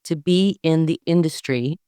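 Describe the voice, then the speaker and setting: A woman's voice: low-pitched, normal speed, warm tone, smooth, no room sound, clean studio sound. A woman guest telling her story in a reflective, earnest spiritual conversation, often trailing off and restarting.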